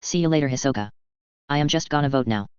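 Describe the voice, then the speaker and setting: A casually confident, overpowered young man, as a man reads him in a dull, dry audiobook voice. The tone is clear and smooth, and he takes everything lightly. The reading stays even and unhurried. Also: mid-range voice, no room sound, natural voice. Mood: offhand.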